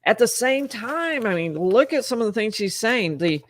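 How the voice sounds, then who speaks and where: A woman's voice: a little high, big pitch swings, normal speed, slight background noise. A woman lawyer hosting a live-stream legal commentary, reading transcripts aloud with her own reactions in a conversational way. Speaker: lawyer and trial commentator host.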